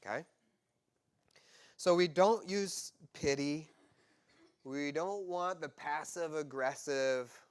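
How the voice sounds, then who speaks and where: A man pastor preaching a sermon, animated and conversational, acting out quoted voices with humor. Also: on the high side, slow pace, long pauses, smooth.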